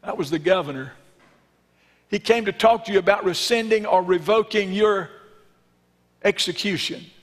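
A man's voice: sits high, moderate pace, pauses often. A male preacher playing a matter-of-fact prison warden who speaks plainly and firmly. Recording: long reverb in a church sanctuary.

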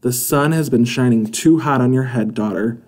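A man reading a storybook aloud, voicing an anxious mother who scolds her daughter in a shrill, exasperated tone. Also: normal speed, a little mellow, natural voice. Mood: scolding.

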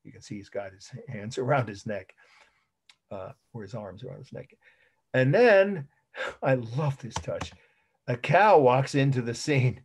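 A man's voice: medium pitch, sing-song, measured pace, a little mellow, slight background noise. A middle-aged man giving a conversational art history lecture, often repeating words and chuckling at his own asides. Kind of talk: classroom lecture.

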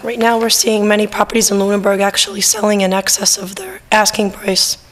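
A woman with a hoarse, worn voice explains how property is valued at a public meeting. She goes through it patiently and plainly. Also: medium pitch, brisk, a bit bright, poor audio. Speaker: town assessor. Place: town hall meeting room.

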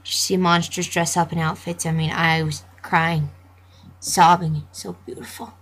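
Breathy young gamer girl commentating. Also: low-pitched, level tone, a little slow. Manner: playful, sarcastic, reads game dialogue aloud. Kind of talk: gameplay commentary.

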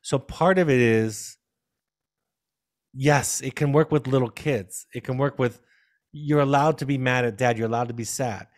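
A man in his fifties, a parenting expert, telling a gentle, reflective story during a video call Q&A. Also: medium pitch, moderate pace. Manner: reflective, gentle, with frequent restarts. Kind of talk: storytelling answer in a Q&A.

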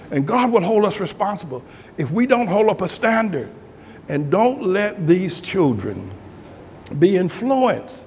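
An older man preaching a fiery sermon as pastor, breaking into laughter and shouting at the high points. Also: vocal fry, a little hiss or hum. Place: large church hall. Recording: echoey church hall.

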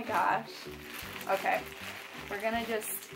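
A young woman vlogger chatting casually through an unboxing, gushing with excited squeals and gasps. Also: medium pitch, unhurried, over music.

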